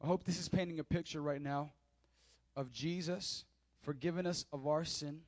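A man's voice: a little high, fairly even intonation, moderate pace, no echo. A male pastor preaching a sermon, reading scripture and explaining it to his congregation, repeating key points with emphasis.

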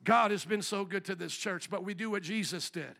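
Fiery high-voiced preacher man. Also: a little fast, creaky. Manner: fiery preaching, shouting into a rising pitch. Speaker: pastor. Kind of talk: sermon. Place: church sanctuary.

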